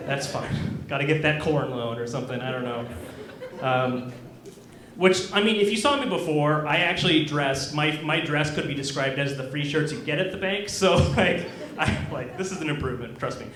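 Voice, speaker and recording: A man's voice: on the high side, moderate pace, a bit bright. Awkward young man doing stand-up. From Kansas. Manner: awkward, self-deprecating, hesitant with many ums. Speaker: stand-up comedian. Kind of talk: stand-up set. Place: comedy club stage. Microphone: handheld stage mic. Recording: roomy club recording. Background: audience laughter.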